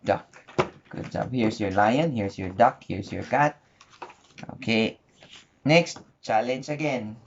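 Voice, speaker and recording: A man's voice: lowish voice, gravelly. A man at home patiently coaxing his toddler, repeating simple questions in a casual home video. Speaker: father teaching his toddler. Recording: muffled home recording with faint hiss.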